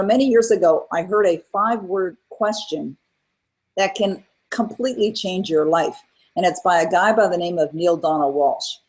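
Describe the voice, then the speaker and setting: A middle-aged woman as an interview guest, telling her own story in an earnest, animated way and acting out what people said. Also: mid-range voice, husky, rough recording. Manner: earnest, animated retelling with acted-out quotes. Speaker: guest, author and coach.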